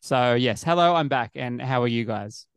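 A man's voice: medium pitch, moderate pace, clean tone, no room sound, studio quality. A man co-hosting a radio show, talking hesitantly with lots of fillers. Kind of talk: casual chat.

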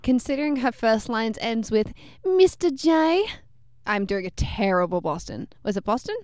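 A woman chats eagerly about comics, full of fillers and quick asides. Her voice is smooth and clear. It is recorded close and dry. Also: mid-range voice, dry recording. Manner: enthusiastic, chatty, many fillers. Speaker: podcast co-host. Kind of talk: casual pop-culture chat.

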